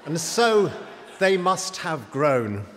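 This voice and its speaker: A man's voice: fairly high pitch, big pitch swings, slow pace, fairly bright tone. Wry male prize winner in an echoey hall. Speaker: prize winner giving speech. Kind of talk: humorous acceptance speech. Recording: echoey hall, faint noise.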